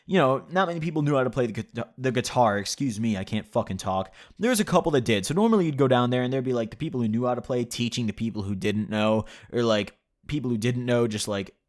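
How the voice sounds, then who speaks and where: A young man telling a story in a casual way, laughing and swearing freely, with a lot of "like" and "you know". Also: mid-range voice. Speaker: vlogger.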